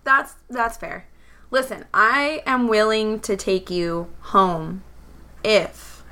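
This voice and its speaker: A woman's voice: mid-range voice, slow, bright, forceful tone. Woman playing a charismatic, earnest adventurer.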